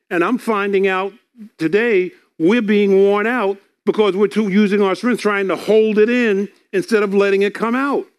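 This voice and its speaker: A man's voice: high-pitched, clean tone. A man preaching a sermon, reading scripture aloud and explaining it earnestly, often repeating words.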